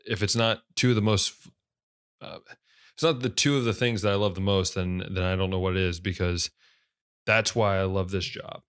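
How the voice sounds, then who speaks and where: A young man hosting his own podcast, talking casually in a low radio voice, rambling with many fillers and restarts. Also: steady tone, moderate pace, a bit bright, smooth. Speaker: podcast host. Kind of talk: casual solo podcast talk.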